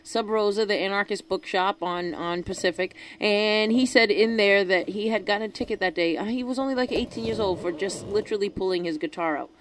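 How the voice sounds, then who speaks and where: A woman's voice: medium pitch, fairly quick, hardly any pauses, slight background noise, poor audio. A woman guesting on a casual radio show, talking earnestly and hesitantly with fillers. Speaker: studio guest.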